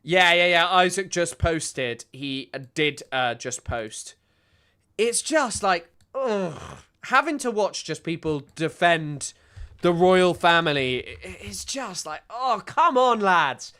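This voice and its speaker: A man's voice: a little high, lively intonation, slow pace, sharp tone, smooth. A man commenting on a live stream, ranting and exasperated, with frequent restarts.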